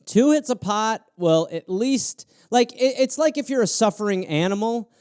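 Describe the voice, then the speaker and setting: Animated, high-voiced male comedian riffing. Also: normal speed, smooth, no echo, studio quality. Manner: animated, crude, jumps into voices. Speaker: comedian host of a live show. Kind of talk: improvised comedy riffing on prompts.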